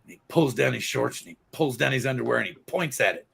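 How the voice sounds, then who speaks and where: A man's voice: mid-range voice, animated, fast talker, gravelly, a bit bright, husky. A man hosting a casual group show, telling a long joke in a rambling, folksy way. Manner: rambling, folksy storyteller with lots of fillers. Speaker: podcast host.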